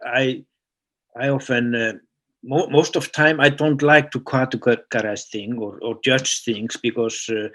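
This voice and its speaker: 一位说话缓慢、嗓音沙哑的男士，作为采访者断断续续地表达，常常停顿找词。. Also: male voice, medium pitch, fairly even intonation, fairly bright tone. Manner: hesitant, halting, searching for words. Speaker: interviewer. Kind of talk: casual chat.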